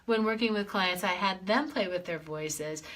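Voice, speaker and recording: A woman life coach hosting a live clearing session, playing with her voice as she swoops high and low through repeated chant-like phrases. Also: normal speed, a bit bright. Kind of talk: guided clearing session on a livestream.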